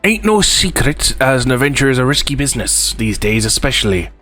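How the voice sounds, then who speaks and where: A man's voice: medium pitch, sing-song, brisk, sharp tone, soft background music. A man voicing a chatty, folksy old male peddler, reading game dialogue aloud. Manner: rambling folksy drawl, uneven put-on accent. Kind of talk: let's play voice reading.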